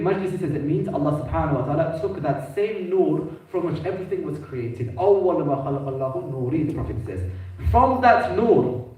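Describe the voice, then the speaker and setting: High-voiced man preaching in an echoey hall. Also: darkish tone. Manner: emphatic, rising into declamation, quotes Arabic quickly. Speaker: preacher giving a majlis. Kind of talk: sermon. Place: mosque hall. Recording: echoey mosque hall, mic at a distance.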